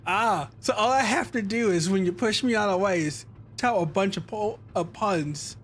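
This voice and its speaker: A man's voice: sits high, moderate pace, fairly bright tone, slight background noise. A man streaming a game, reading its dialogue aloud and cracking jokes between lines. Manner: playful, joking, reads lines in varied voices.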